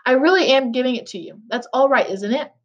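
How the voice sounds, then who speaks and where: An eccentric old candy maker who talks in a brisk, lively way, as a woman reads him. The voice sits fairly high for her. The recording sounds dull and lo-fi.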